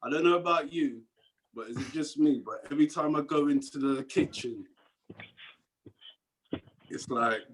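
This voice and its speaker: A man's voice: fairly high pitch, moderate pace, pauses often, fairly bright tone, slight background noise, rough recording. A man with a Cockney accent doing a rambling stand-up set over a video call, dropping into mumbled asides and chuckling at his own jokes. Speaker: stand-up comedian.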